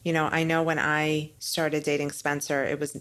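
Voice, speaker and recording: A low-pitched woman talking on a podcast as a guest. She tells her story candidly and quickly in casual chat. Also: little pitch movement, fairly bright tone.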